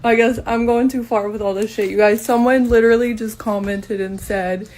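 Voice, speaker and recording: A woman's voice: on the high side, steady tone, normal speed, darkish tone. A woman from North Carolina with a Southern accent, telling a blunt, profane storytime to her viewers. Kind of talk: casual storytime monologue.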